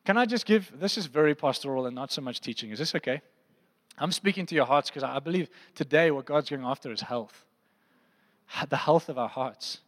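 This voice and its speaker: In a church auditorium with long hall reverb, a pastor delivers a conversational sermon and frequently asks the room questions. His voice is on the high side, brisk and a bit bright.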